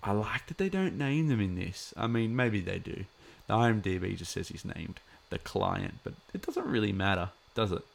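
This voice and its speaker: A man's voice: on the low side, animated, normal speed, creaky. A man chatting casually as a live streamer, rambling with many fillers.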